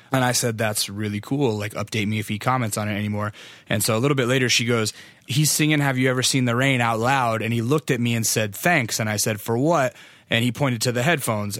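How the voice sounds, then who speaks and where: A laid-back American man talks on his podcast in an easy, rambling way, dropping casual swears as he goes. His voice is mid-pitched and recorded close, with a dry sound and no room around it. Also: fairly bright tone, no echo. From United States. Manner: rambling, profane, loose storytelling. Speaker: podcast host. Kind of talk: casual podcast monologue and interview.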